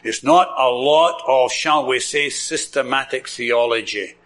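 A man's voice: medium pitch, unhurried, a bit bright. A man with a Scottish accent preaching a sermon, enthusiastic, repeating words for emphasis and chuckling often.

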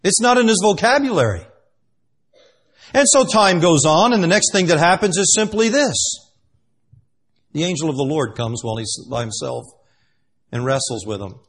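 A man preaching a sermon, emphatic and dramatic, swinging between loud stresses and hushed asides. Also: on the high side, slightly rough.

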